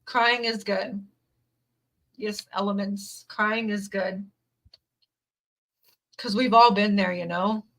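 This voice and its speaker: A woman reads tarot cards for her viewers in a bright, clear voice. She speaks earnestly and emotionally, close to tears, and keeps repeating her words of encouragement. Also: medium pitch, fairly even intonation, slow pace, pauses often, low-quality recording. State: teary, near crying. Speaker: tarot reader. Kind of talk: live tarot reading to viewers.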